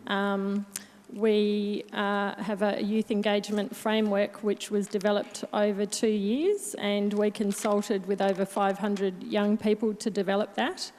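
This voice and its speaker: A woman's voice: mid-range voice, flat delivery, unhurried, a little mellow. A woman speaking for a city council on a panel, matter-of-fact. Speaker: council representative. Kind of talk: conference panel answer. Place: large conference hall. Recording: long hall reverb.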